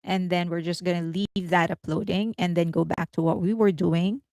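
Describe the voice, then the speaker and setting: A woman hosting a casual entertainment news livestream, chatty and rambling, laughing often and thinking out loud. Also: fairly low pitch, steady tone, moderate pace, no room sound.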